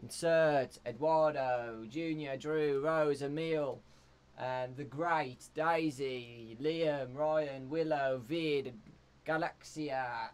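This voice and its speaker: A man's voice: a little high, extremely slow, clean tone. Jumpy young man streaming a horror game. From England. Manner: jumpy, yelps and shouts in fright. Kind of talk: live game commentary.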